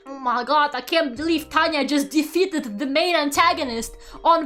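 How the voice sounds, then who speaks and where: A woman's voice: sits high, measured pace, pushed and bright. A young woman streamer chatting casually and reading a book aloud, giggly and sarcastic, swearing and tripping over words. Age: young adult. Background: faint background music.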